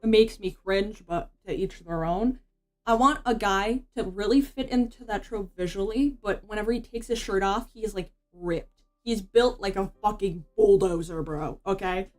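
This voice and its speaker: A woman streamer talks casually as she draws, her pitch sitting in a middling range. She rambles and swears, tossing "bro" around in loose slang. Soft music plays faintly behind her. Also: normal speed. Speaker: VTuber streamer. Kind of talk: casual commentary while drawing.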